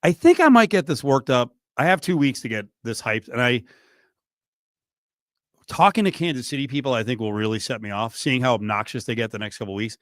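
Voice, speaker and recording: A middle-aged man hosting a sports radio show in a studio, joking and animated. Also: medium pitch, brisk, no room sound. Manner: animated, joking, swings from mutter to near-shout. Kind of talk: casual sports talk. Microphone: studio mic.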